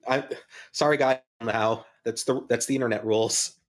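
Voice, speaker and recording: Deadpan joking man. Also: mid-range voice, normal speed. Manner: deadpan ironic jokes. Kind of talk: casual chat.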